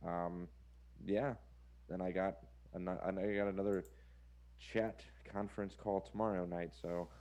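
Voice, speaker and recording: A man's voice: deep voice, flat delivery, unhurried, darkish tone. A man appearing as a guest on a podcast over a video call, talking about his documentaries in a laid-back, matter-of-fact way with some teasing. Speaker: guest, paranormal documentary maker. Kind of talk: casual chat on a live video call.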